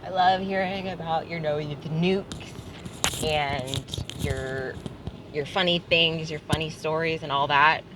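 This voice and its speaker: A woman in her thirties speaks in a low, deep voice in a casual personal vlog. She talks candidly, rambling and reflecting on herself. Street traffic and a passing train are clearly heard behind her outdoors. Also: steady tone, slow. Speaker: parent vlogger. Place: outdoors near a train line.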